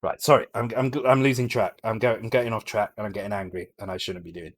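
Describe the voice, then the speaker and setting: Low-voiced British man streaming live code. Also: steady tone, quick pace, no echo. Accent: British English. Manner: blunt, swears freely, trails off and restarts mid-thought. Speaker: streamer coding a retro game. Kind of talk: live coding stream, thinking aloud. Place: home.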